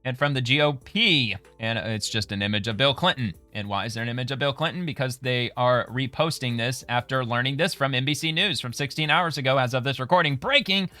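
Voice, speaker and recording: A man's voice: mid-range voice, a little fast, few pauses, bright, forceful tone, soft background music. A man hosting a casual political commentary show, reading posts aloud and then remarking on them in a conversational way.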